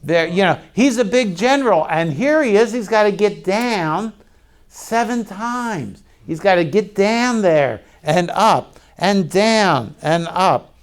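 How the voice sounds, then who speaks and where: A man preaches in a relaxed, conversational style, and his voice sits fairly high. He talks slowly, stopping to put questions to his listeners, and speaks openly about his own struggles. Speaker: pastor. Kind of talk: sermon.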